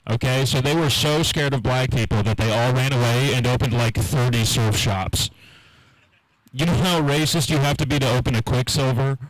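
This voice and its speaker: A man's voice: mid-range voice, moderate pace, no echo, rough recording. A man from Norfolk, Virginia doing a stand-up set in a small live room, loose and conversational with trailing fillers. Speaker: stand-up comedian. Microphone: handheld stage mic.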